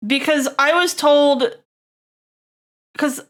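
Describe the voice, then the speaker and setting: Rambling young woman streamer, higher voice. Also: drawn-out words. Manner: rambling, laughing, swearing freely. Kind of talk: casual live-stream chat.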